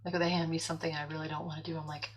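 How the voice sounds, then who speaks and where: A woman's voice: sits low, very fast, husky, low-quality recording. A woman in casual chat, telling a story and acting out the voices of people in it. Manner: animated storyteller, acts out quoted voices.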